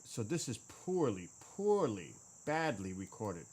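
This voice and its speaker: A man's voice: on the low side, big pitch swings, a little slow, darkish tone, husky. A man in a casual chat, muttering to himself as he searches through old files and explains how he recorded his music. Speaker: gaming streamer and drummer.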